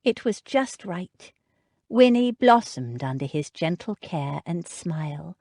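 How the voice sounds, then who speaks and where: A woman narrating an audiobook in an expressive, measured way. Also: lowish voice, dry recording, studio quality. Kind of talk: scripted narration.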